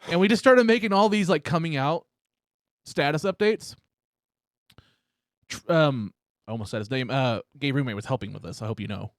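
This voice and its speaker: A man hosting a casual podcast, telling crude stories loudly and teasing his guest. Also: fairly high pitch, moderate pace, long pauses, no room sound, clean studio sound. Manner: loud, teasing, swears a lot. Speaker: podcast host. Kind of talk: casual chat, crude storytelling. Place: room at home.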